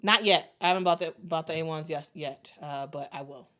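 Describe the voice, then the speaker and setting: A young woman with a Chicago accent chats casually on a sports livestream. She has a slightly low voice for a woman, and she stops, repeats herself and fills the gaps with "um" and "uh" as she answers viewers. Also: a bit bright. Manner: halting, many fillers and restarts. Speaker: sports show host. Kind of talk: casual livestream chat reading super chats.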